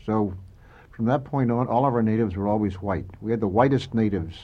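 An older man telling animated anecdotes about making cartoons as an interview guest. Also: lowish voice, a little fast, dull audio. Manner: lively, animated storyteller, laughing often.

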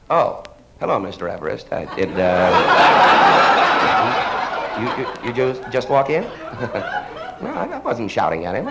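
A man delivering a comedy routine as one half of a phone call, stammering politely and getting flustered. His pitch swings widely from low mutters to high, exasperated peaks. The recording carries steady background noise. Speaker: stand-up comedian. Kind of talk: one-sided telephone comedy monologue.

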